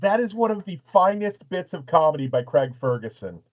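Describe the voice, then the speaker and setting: A man with a slightly high voice chats on a livestream, telling stories and retelling comedy bits with relish. His audio is a little dull. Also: very animated, brisk. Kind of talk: joking livestream chat.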